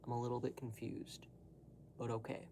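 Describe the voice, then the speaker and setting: A man's voice: mid-range voice, completely flat delivery, moderate pace, gravelly, noisy background. A young man talking casually to the camera, rambling through digressions with lots of fillers and asides. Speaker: vlogger.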